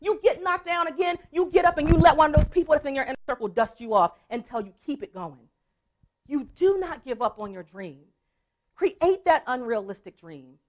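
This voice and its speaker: Female motivational coach on stage, high and animated, emphatic storyteller who keeps calling the crowd y'all. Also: moderate pace. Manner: emphatic, repetitive, storytelling, addresses audience as y'all. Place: stage at a conference.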